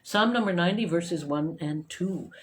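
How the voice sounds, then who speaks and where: A woman's voice: fairly low pitch, normal speed, slight background noise. A woman singer-songwriter chatting casually between songs on a home live stream, rambling with plenty of ums and uhs. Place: home living room. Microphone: guitar plugged in and a live-stream microphone. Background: her own acoustic guitar playing loudly.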